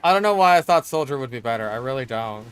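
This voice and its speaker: A man's voice: medium pitch, lively intonation, quick pace, clear, resonant tone, soft background music. A young man giving casual gameplay commentary while he plays, swinging between mutters and frustrated, swearing outbursts. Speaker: gaming streamer.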